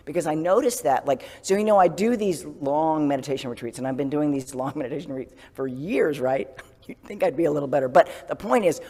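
A man giving a casual sermon as a Zen priest, self-deprecating and laughing often, dropping to a soft whisper for gentle self-talk. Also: on the high side, fairly quick, in a large hall.

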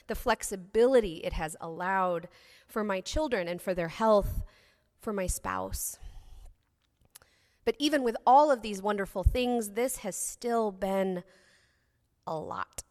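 A woman's voice: medium pitch, unhurried. A woman in her thirties preaching a sermon in a frank, earnest, confiding way. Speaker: pastor. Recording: reverberant hall sound.

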